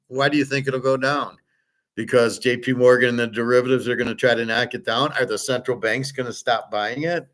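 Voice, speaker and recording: A man holds forth on his own show in a blunt, rambling monologue. He swears freely and mocks the people he disagrees with. His voice sits at an ordinary middle pitch. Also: a little fast, a bit bright. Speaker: host. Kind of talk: opinionated monologue.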